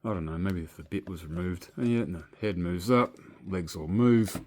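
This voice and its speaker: A man's voice: sits low, normal speed, a little mellow, slight background noise. A man with an Australian accent, chatting casually and rambling through a story as a toy collector vlogger. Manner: chatty, meandering, swears casually.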